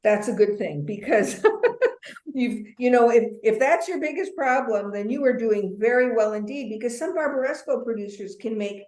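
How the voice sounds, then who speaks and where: A woman's voice: on the high side, normal speed, hardly any pauses. A woman leading a wine tasting webinar as instructor, talking in a chatty way with playful asides and plenty of ums. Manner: chatty, warm asides, many fillers. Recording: roomy echo.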